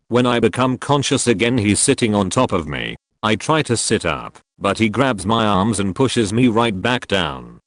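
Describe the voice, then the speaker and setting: Low-voiced man narrating a dark tale. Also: no room sound, clean studio sound. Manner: low, measured, drops to a hushed tone for repeated refrains. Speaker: narrator reading a trip report. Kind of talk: scripted first-person narration.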